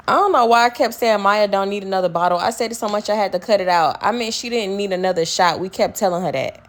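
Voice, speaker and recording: A young woman telling a story on her vlog in a casual, animated, profane way. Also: medium pitch, fast, hardly any pauses. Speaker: storytime vlogger.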